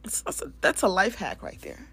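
A woman's voice: mid-range voice, huge pitch swings, moderate pace, vocal fry, bright, forceful tone, husky. A woman hosting a casual spiritual talk, speaking candidly and bluntly, swearing and laughing often. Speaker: spiritual podcast host.

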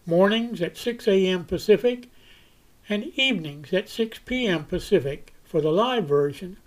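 A man hosting a podcast, reading announcements slowly and deliberately. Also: high-pitched, a little mellow, poor audio. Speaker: podcast host.

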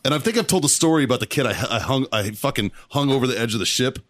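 Animated profane man telling a story. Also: medium pitch, fast talker, no room sound, studio quality. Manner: profane, animated storyteller who acts out his shouting. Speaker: podcast co-host. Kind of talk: casual storytelling.

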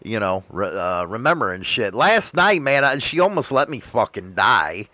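A man's voice: medium pitch, very animated, moderate pace, sharp tone, no room sound. A man co-hosting a podcast, joking crudely and swearing, trailing off with fillers as he talks. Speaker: podcast co-host. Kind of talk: crude casual banter.

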